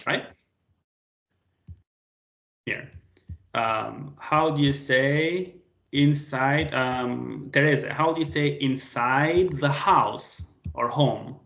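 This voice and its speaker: Male language tutor, gravelly voice, patient, roomy echo on a video call. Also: medium pitch, drawn-out words, pauses often, fairly bright tone. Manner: patient, questioning students by name. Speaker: language teacher. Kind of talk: online class teaching.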